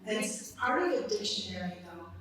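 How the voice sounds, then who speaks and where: Language teacher, woman, relaxed and laughing, distant mic in a reverberant hall. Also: mid-range voice, fairly quick, a little hiss or hum. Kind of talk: live talk answering audience questions. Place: large hall. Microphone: distant room mic. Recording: echoey hall from far off.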